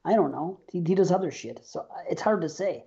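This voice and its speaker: Male podcast co-host, rambling and profane, warm dark tone, muffled recording. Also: sits high, lively intonation, fairly quick, creaky. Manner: rambling, swears often, trails off. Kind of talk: casual podcast chat.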